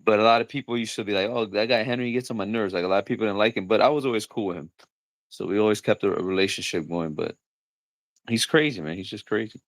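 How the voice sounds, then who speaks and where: Fast-talking joking man on a livestream. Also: fairly low pitch, no echo. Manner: joking, laughs things off, acts out quoted voices. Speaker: livestream host. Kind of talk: casual livestream chat.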